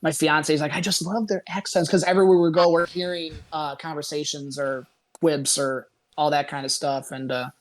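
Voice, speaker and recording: A man's voice: a little high, moderate pace. Chatty young man telling a travel story. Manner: relaxed, chatty, quotes people in voices. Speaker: guest. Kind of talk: casual storytelling on a podcast.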